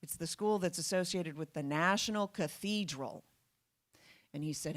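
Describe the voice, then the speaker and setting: A woman's voice: fairly low pitch, normal speed, no room sound, studio quality. A woman giving a public talk to an audience, emphatic and full of rhetorical questions. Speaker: guest speaker.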